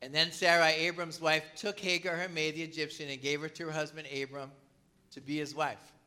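A man delivers a morning sermon, reading passages aloud and unpacking them for the congregation. His voice sits high and cuts through brightly. A tickle in his throat keeps him coughing and clearing it as he goes. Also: flat delivery, brisk. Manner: reads scripture aloud then explains it. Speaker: pastor.

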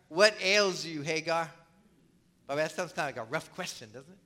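Male pastor, sermon, high-pitched, very bright tense tone, conversational asides. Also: a little fast. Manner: conversational, with rhetorical questions and asides.

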